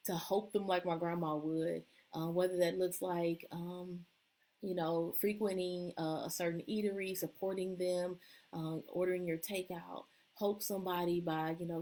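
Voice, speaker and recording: Lady coach doing a live stream at home, lowish voice, lots of ums, easygoing chat. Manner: warm-hearted, loose, with many ums and uhs. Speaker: leadership and empowerment coach. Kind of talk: casual live-stream encouragement talk. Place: at home at a table with children nearby.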